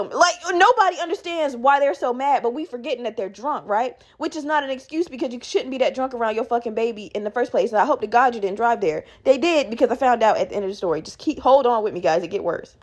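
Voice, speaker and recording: A woman hosting a podcast, telling a workplace story in a casual, animated, heavily profane way and acting out what people said. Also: a little high, a little fast, hardly any pauses. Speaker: podcast host.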